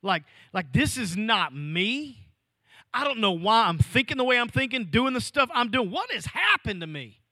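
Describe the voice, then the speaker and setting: High-voiced pastor preaching with dramatic swings. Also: male voice, sing-song, moderate pace, sharp tone, no echo. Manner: preaching with sweeping swings of pitch and volume, dropping to near-whispers. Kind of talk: sermon. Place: church.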